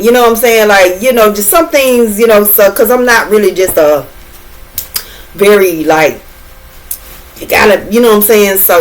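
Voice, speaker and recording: A woman's voice: medium pitch, poor audio. A middle-aged woman telling a casual storytime vlog, talking in loose slang and swearing freely, and filling her talk with "you know what I'm saying.". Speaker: vlogger.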